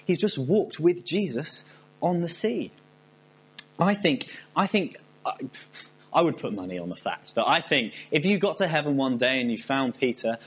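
Brief: male pastor, conversational sermon, playful asides; muffled recording, faint hum. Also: medium pitch. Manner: conversational, humorous storytelling. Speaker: preacher.

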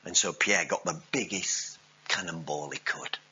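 A male preacher, giving a sermon with animated storytelling and jokes with the congregation. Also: low-pitched, a little slow, slightly rough, muffled recording.

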